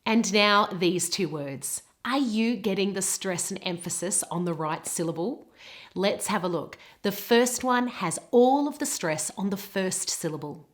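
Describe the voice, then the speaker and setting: Slow, carefully enunciating British woman teacher. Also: mid-range voice. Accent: British English. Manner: slow, carefully articulated, modelling words. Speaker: pronunciation teacher. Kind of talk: pronunciation lesson.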